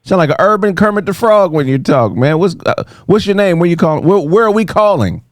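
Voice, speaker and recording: A man's voice: high-pitched, expressive, brisk, no echo, clean studio sound. A man hosting a call-in podcast, joking in loose banter. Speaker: podcast host. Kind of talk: casual chat.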